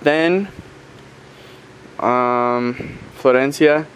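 A man's voice: mid-range voice, very slow, slight background noise. A man in his twenties, a missionary, giving a casual, upbeat video update, talking chattily with lots of fillers.

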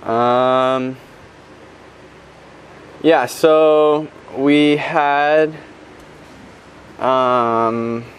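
A man's voice: mid-range voice, fairly even intonation, extremely slow, pauses often, slight background noise. A man in his twenties, a missionary, giving a casual, upbeat video update, talking chattily with lots of fillers.

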